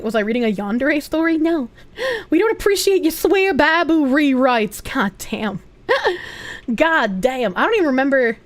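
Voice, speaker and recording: A young woman livestreaming casually, giggly and loud, swearing freely as she reads chat aloud. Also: sits high. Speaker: streamer.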